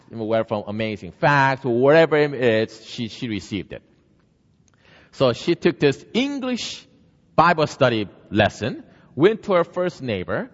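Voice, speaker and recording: Male preacher, lively storyteller, pitch rising and falling widely, long-echo hall. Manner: lively storytelling, acts out the characters. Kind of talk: storytelling sermon. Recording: dull sound, long hall reverb.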